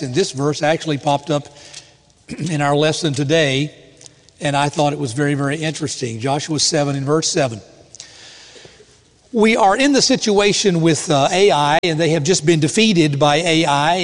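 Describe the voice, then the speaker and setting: A man preaching a sermon with a somewhat high voice. He reads scripture in a measured, deliberate cadence, and the sound carries a long hall reverb. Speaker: pastor.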